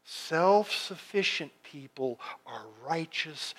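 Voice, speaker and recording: A pastor preaches a sermon, reading scripture slowly and swinging between loud, emphatic lines and hushed ones. His voice is a little high and animated.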